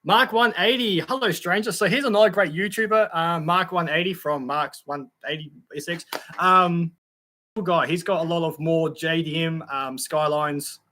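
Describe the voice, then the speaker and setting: A man's voice: on the high side, fairly even intonation, normal speed, pushed and bright. A young Australian man hosting a casual live stream, chatting in a friendly way with many fillers and greeting viewers by name. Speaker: YouTube channel host reading live chat.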